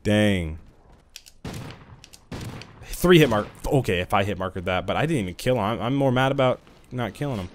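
A young man giving excitable live commentary on a shooter game into a headset, trash-talking and breaking into sudden yells. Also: lowish voice, quick pace, a little hiss or hum. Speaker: gaming channel host.

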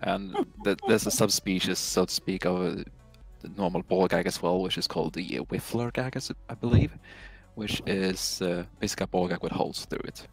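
A man with a very low, gravelly voice explains things plainly and steadily, pausing on little fillers. Faint music plays in the background. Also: fairly even intonation. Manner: matter-of-fact explaining, many fillers. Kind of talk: casual chat.

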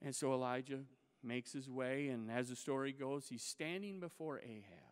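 A male pastor delivering a sermon in a church, retelling a scripture story in a lively, dramatic way. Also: mid-range voice, moderate pace, smooth. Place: church sanctuary. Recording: reverberant church hall.

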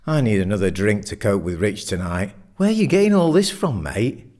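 A man's voice: deep voice, normal speed, darkish tone, natural voice. A man doing a scoffing pub mate. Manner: scoffing, dismissive. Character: Simon, a blunt meat-loving pub mate.

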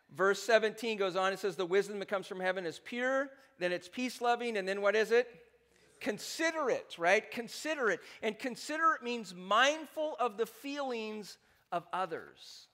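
High-voiced pastor joking through a sermon. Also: male voice, moderate pace. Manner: animated and joking, asks the congregation "right?" again and again. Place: church sanctuary.

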